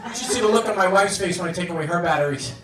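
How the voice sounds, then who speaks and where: Deadpan stand-up comic man, roomy club. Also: sits high, over a noisy crowd, heavy background noise. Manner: deadpan, halting delivery with fillers. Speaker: stand-up comedian. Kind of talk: stand-up comedy set. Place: comedy club stage with audience laughter. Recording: roomy club sound, audience recording from a distance.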